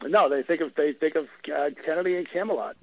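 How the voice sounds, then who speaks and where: A man's voice: a little high, quick pace, creaky, no echo, low-quality recording. Wry joking male radio guest.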